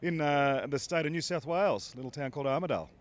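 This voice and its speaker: A man's voice: fairly high pitch, animated, fast. A man with an Australian accent, a racing pilot, answering interview questions in a laid-back way with dry humor, outdoors at an air race. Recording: faint outdoor background noise.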